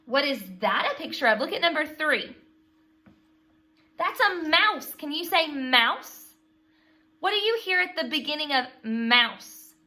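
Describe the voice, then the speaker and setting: Slow, bright-voiced woman teaching phonics. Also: high-pitched, lively intonation. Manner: slow, patient, prompting call-and-response. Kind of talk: phonics lesson for young children.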